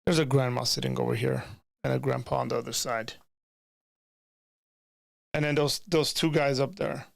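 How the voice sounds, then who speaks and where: A young man chats with his stream viewers in a loose, rambling way, often restarting his sentences. His voice is gravelly and fry-filled at an ordinary pitch. The sound is close and dry, from a desk microphone. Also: no echo. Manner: rambling, many restarts and asides. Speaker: streamer reading chat. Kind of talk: casual live-stream chat. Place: home room with bookshelves. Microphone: desk microphone, leans in close.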